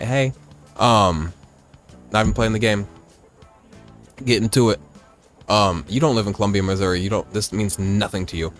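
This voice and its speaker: Male let's-play host, deep-ish voice, rambling and profane, casual. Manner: rambling, chatty, swears casually. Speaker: gaming video host.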